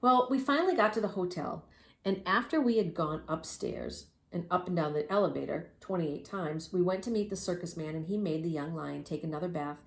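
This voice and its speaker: A woman reading a children's story aloud with lively, expressive storytelling and spoken sound effects. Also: on the low side, brisk, gravelly. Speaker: reader. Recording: roomy echo.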